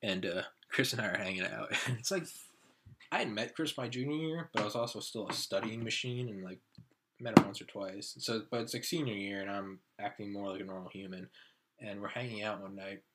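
A man in his thirties hosting a podcast, telling stories in casual chat and jumping into a higher voice to act out his friends. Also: a little fast, background noise. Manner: animated, acts out quoted friends with raised pitch. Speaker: podcast host.

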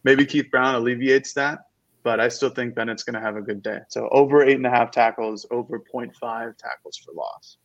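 A man's voice: medium pitch, moderate pace. Man on a dull lo-fi mic. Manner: detailed, earnest analysis. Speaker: sports podcast co-host. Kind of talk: casual sports chat.

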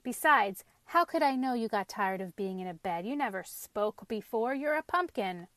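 A polite young boy, a woodcutter's son, speaks earnestly in a fairly high voice, as a woman reader puts him on. The reading is close and dry. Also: lively intonation, moderate pace, a bit bright, no room sound.

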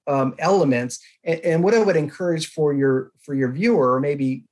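A man speaks as a podcast guest, recounting a story with earnest conviction. His voice sits a little higher than most men's, and he leans on key words with bursts of emphasis. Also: normal speed, a little mellow. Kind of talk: conversational interview.

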